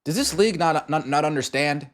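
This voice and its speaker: A man's voice: on the high side, animated, a little fast. A man hosting a sports podcast, ranting in exasperated commentary over game clips and firing off repeated rhetorical questions. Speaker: podcast host.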